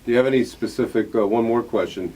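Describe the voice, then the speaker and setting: A man's voice: medium pitch, quick pace, warm tone, slight background noise. A man hosting a radio interview in a studio, friendly and asking long, rambling questions. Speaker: radio show host. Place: radio studio in New York.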